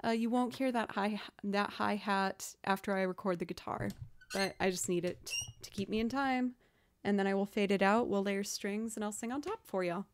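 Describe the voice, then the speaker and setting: Speaking at medium pitch and a moderate pace, this young streamer and musician from outside Boston, Massachusetts, talks casually to her livestream audience. She jokes at her own expense about her music and loops and reads the chat out loud. There's slight background noise.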